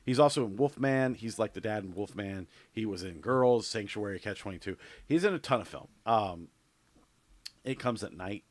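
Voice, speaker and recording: A man's voice: lowish voice, normal speed. A man co-hosting a podcast in casual chat, rambling and offhand with lots of fillers and restarts. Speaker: podcast co-host.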